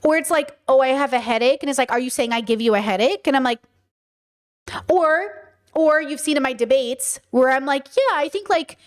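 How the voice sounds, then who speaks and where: A woman podcast host chatting casually, acting out quoted exchanges with animated energy. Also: high-pitched, normal speed. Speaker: podcast host reacting to a video. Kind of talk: casual chat.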